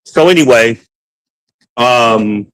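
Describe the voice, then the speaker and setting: A man hosting a podcast, ranting in a casual, profane, animated way while walking around his home with a handheld phone. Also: medium pitch, slow pace, low-quality recording. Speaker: podcast host. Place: at home, moving between rooms.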